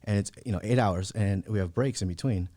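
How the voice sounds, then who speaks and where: A young adult man, a podcast guest, telling a personal testimony in a fast, emphatic conversational way, full of fillers and casual "bro" asides. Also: fairly low pitch, mellow. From United States.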